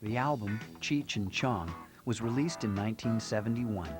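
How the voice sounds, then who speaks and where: A man with a fairly low voice narrates a television documentary in a measured, storytelling manner. His scripted lines sit over loud background music. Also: lively intonation.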